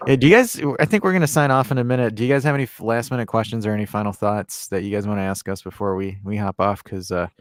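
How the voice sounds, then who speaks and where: A man's voice: on the low side, fast, hardly any pauses, dry recording. A man co-hosting a casual sports live stream, joking and laughing often, on a close mic. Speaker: podcast co-host.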